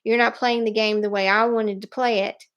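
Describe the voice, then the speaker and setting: A woman's voice: a little high, little pitch movement, moderate pace, fairly bright tone, lo-fi sound, close to an everyday voice. A woman voicing an angry, arrogant, self-centered man who blames his former partner, in an indignant complaining tone.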